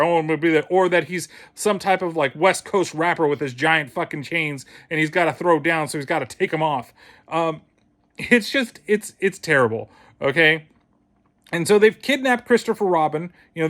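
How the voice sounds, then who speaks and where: A man's voice: on the high side, a bit bright. A man giving a casual spoken film review, blunt and heavily profane, with a scornful, mocking edge.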